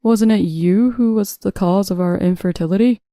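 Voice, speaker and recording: A woman voicing a weak young husband who protests loudly and then begs, reading a drama story aloud. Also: medium pitch, normal speed, no room sound, clean studio sound, close to an everyday voice. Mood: indignant. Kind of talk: audiobook narration.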